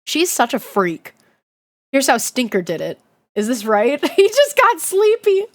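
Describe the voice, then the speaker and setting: A young woman with a fairly high voice reads a book aloud on a live stream. She keeps stopping to chat, giggle and swear offhandedly. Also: wildly swooping pitch, measured pace. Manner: giggly, chatty, swears casually. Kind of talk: casual livestream reading and chat.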